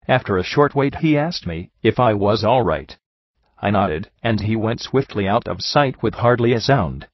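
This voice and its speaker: A man reads a book aloud in a steady, measured narration. His voice sits fairly low. The recording is dry, with no room sound, and slightly muffled, with a lo-fi edge. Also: no echo. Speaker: audiobook narrator. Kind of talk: scripted narration.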